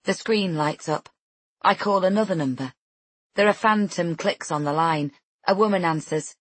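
A woman reading a first-person novel in a steady, tense manner. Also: fairly low pitch, normal speed, no echo. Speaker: audiobook narrator. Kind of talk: scripted first-person narration.

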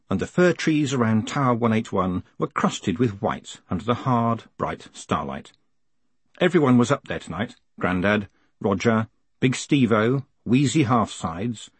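Husky, expressive male audiobook narrator. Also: lowish voice, no echo. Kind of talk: scripted narration.

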